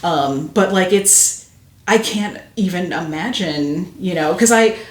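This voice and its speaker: A woman's voice: on the low side, slow. Chatty woman guest, roomy echo. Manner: chatty and animated, laughs often. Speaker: podcast guest. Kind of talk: casual interview chat.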